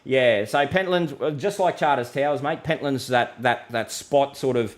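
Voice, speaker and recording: A man's voice: mid-range voice, normal speed, hardly any pauses. Chatty Australian man hosting live. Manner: chatty and matey, reads viewer comments aloud, laughs easily. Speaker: weather forecaster hosting a live stream. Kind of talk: casual live-stream chat.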